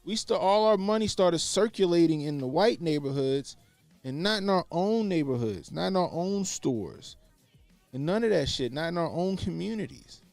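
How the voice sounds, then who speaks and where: A man's voice: high-pitched, expressive, moderate pace, gravelly, a little mellow, no room sound, faint music behind. A man talking in casual opinionated commentary, blunt and profane, repeating his points for emphasis. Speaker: podcast co-host.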